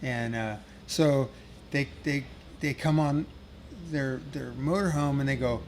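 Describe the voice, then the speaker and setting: This middle-aged man speaks at medium pitch and a little slowly, telling a casual, rambling and profane story from touring as a guest musician. He laughs along at himself, and a faint hiss or hum runs underneath.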